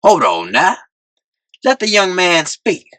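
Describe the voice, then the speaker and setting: A man doing a smooth older chairman. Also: sits high, huge pitch swings, bright, forceful tone, no room sound, voice pushed up, exaggerated voice. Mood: commanding. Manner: smooth, unhurried and commanding. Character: smooth older male chairman, calm and commanding.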